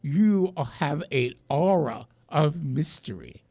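A man with a raised, gravelly voice hosts comedic radio banter. He swings his pitch widely as he reads listener questions in mock outrage and laughs often. The sound is dry and close. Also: lively intonation, takes it slowly, dark tone, dry recording. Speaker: radio show co-host.

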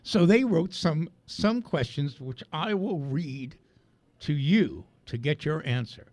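A man's voice: on the high side, expressive, slow pace, darkish tone, no echo. A man co-hosting a comedic radio show, reading out listener questions with mock outrage and frequent laughter.

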